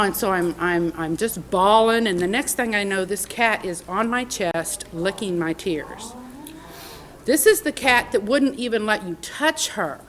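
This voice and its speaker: A woman's voice: mid-range voice, a bit bright, poor audio. A middle-aged woman giving a personal recovery testimony as a convention speaker, heartfelt and conversational, with many fillers. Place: convention meeting room.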